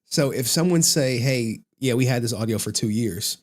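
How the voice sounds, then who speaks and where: A man's voice: mid-range voice, normal speed. A man hosting a commentary channel, talking casually and telling stories with slang and frequent laughs. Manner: animated, joking storyteller who laughs often and slips into slang.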